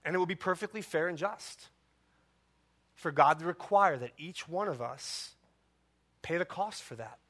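High, bright-voiced impassioned male preacher. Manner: impassioned preaching, rhetorical questions, dramatic pauses. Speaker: pastor. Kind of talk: sermon.

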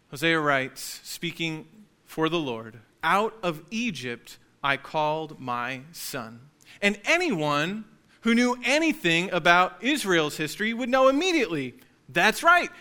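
A man's voice: sits high, bright, forceful tone, clear, resonant tone. A man preaching a sermon in a conversational way, joking now and then with his congregation. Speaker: pastor.

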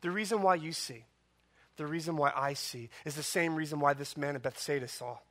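A man preaching a sermon as pastor, impassioned and full of rhetorical questions and dramatic pauses. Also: fairly high pitch, a bit bright.

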